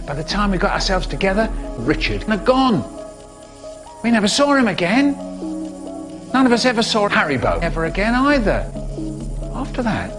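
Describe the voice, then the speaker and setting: A man telling stories in a playful, theatrical way, with sudden swings in his voice. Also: on the high side. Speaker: storyteller. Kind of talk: animated storytelling, cut into spliced comedy clips.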